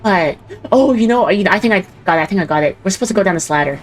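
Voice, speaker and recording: A woman's voice: medium pitch, lively intonation, very fast, faint music behind. Giggly chatty woman gamer. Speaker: co-op player. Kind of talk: casual gaming chat.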